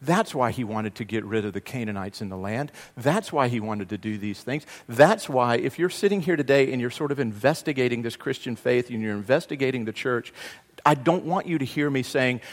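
A man's voice: medium pitch, lively intonation, a little fast. Man preaching in a reverberant hall. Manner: dynamic preaching, swinging from loud to hushed; conversational with self-deprecating humor. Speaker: pastor. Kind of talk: sermon. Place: church sanctuary.

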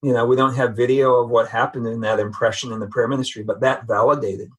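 A man's voice: mid-range voice, steady tone, quick pace, husky, low-quality recording. A man giving an earnest, reflective personal testimony as a guest in a conversation. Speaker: podcast guest.

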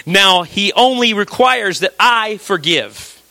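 This sermon comes from a man, a pastor, who talks to his listeners casually, asks rhetorical questions, and goes quiet and low to emphasize things. His intonation is lively, his pace slow, and there's no echo.

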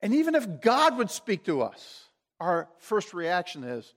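A man's voice: sits high, a little slow. A man preaching a sermon, retelling a story and asking his listeners questions. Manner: storytelling, animated, asks the audience questions.

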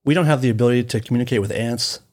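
A man's voice: medium pitch, very fast, a little mellow. A man speaking as a podcast guest in casual chat, talking in a loose, rambling and joking way.

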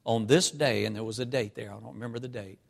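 A man from North Carolina preaching a storytelling sermon, his voice falling to a tearful hush and rising to loud, fervent emphasis. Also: mid-range voice, steady tone, fast talker, vocal fry. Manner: reads scripture in an old-fashioned cadence.

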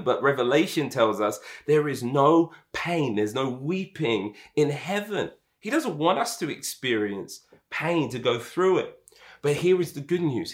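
Delivering a sermon, a male pastor alternates between soft, slow stretches and emphatic, rising ones. He has a mid-range voice and frequently repeats words.

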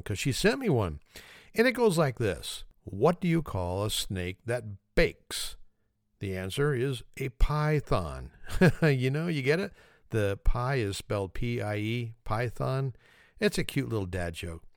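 A man's voice: fairly low pitch, smooth, no room sound, studio quality. A man hosting his own podcast in a casual, joking solo chat, laughing at himself as he goes. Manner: joking, self-mocking, chuckles often. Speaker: podcast host.

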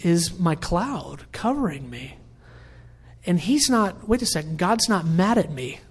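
A man's voice: sits high, breathy edge. Conversational male preacher. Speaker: pastor. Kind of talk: sermon.

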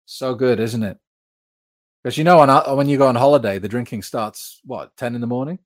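A man's voice: medium pitch, fairly quick. A British man hosting a live stream, chatting frankly and reading out viewer comments with plenty of fillers. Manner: frank, conversational, many fillers. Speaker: host.

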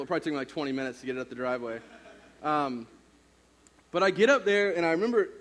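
A man in his thirties, a youth pastor, preaching a sermon through a casual personal story full of fillers. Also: on the high side.

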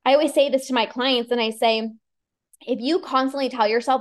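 A woman's voice: sits high, brisk. A woman hosting a solo podcast as a binge eating coach, talking earnestly in a casual way with many fillers.

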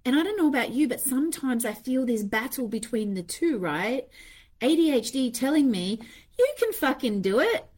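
A woman's voice: fairly high pitch, lively intonation, normal speed, a little mellow. A woman hosting a podcast in a candid, casual monologue, swearing freely and acting out her own inner voices. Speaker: podcast host.

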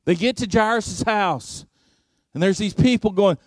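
A man preaching a sermon, telling a story slowly and deliberately, his volume rising and falling for effect. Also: sits high, no echo, clean studio sound. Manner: slow, deliberate preaching with dramatic swings in volume.

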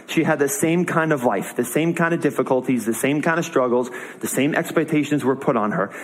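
Young man, preacher, slightly high voice, casual conversational sermon, storytelling. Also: rough recording.

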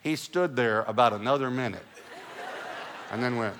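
A middle-aged male pastor preaching a sermon, an animated storyteller who drops to hushed lows and rises to loud bursts. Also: normal speed, crowd noise, noisy background.

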